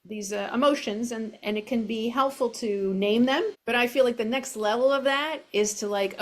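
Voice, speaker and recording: A middle-aged woman coach speaking gently and reflectively as an interview guest, over a video call from home. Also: a little high, normal speed, few pauses. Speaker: self-compassion coach. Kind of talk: interview guest, casual explanation.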